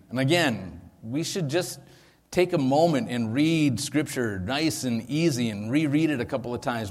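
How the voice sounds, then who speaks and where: A man preaches at middle pitch, talking through his points in a relaxed, conversational sermon style with frequent ums and restarts. He speaks into a microphone. His voice trails off into a long reverb from a large hall. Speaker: pastor. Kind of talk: sermon teaching.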